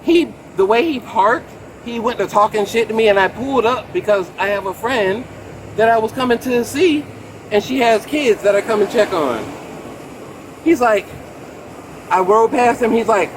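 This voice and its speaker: Man, late 30s, very high voice, agitated, rambling, outdoors, body cam, faint background noise. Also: moderate pace. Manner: rambling, excitable, repeats "bro". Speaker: complainant speaking to police. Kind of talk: agitated street account to an officer. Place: outdoors beside a road. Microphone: police body camera.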